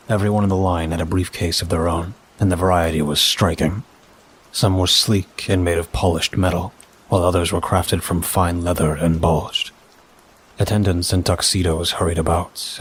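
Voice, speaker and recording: Brief: deep-voiced male narrator for a dark story, husky and measured. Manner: measured, first-person storytelling.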